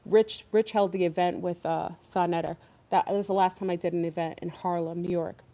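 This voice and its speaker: Woman host for a casual online talk stream; warm, darker voice, rambling and emphatic. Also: lowish voice, steady tone, fairly quick. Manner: rambling, emphatic, many fillers.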